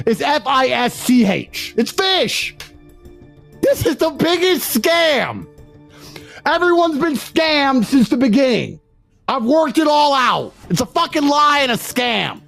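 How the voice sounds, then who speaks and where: A man in a mocking, profane rant, swinging between near-shouts and low muttering. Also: sing-song, unhurried, vocal fry, soft background music. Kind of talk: ranting monologue.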